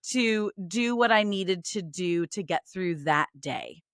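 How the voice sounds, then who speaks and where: A woman's voice: fairly low pitch, expressive, takes it slowly, fairly bright tone, clear, resonant tone, no room sound, studio quality. A middle-aged woman speaking candidly and emotionally as a guest author in a podcast interview.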